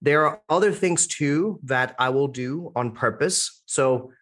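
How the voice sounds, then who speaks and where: A man with an American-sounding accent, a guest on a podcast interview. He speaks with punchy emphasis and keeps firing rhetorical questions. His voice sits at a middle pitch. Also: a little slow, fairly bright tone. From India, raised internationally. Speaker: guest, public speaking coach.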